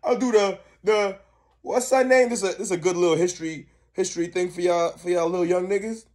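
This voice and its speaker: A man's voice: high-pitched, fairly quick, darkish tone. A young man co-hosting a reaction video, ranting in heated, profane casual commentary.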